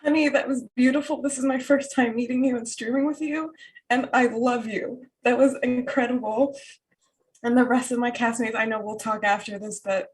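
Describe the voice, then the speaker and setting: A woman player on a live tabletop stream, emotional and teary, gushing her thanks quickly with laughter between her words. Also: fairly high pitch, fairly even intonation, poor audio.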